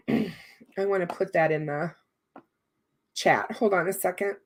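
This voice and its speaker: A woman's voice: lowish voice, steady tone, takes it slowly. A woman hosting a livestream in casual chat, her voice strained and worn, talking on with many fillers. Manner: chatty, warm thanks, many fillers. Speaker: livestream host.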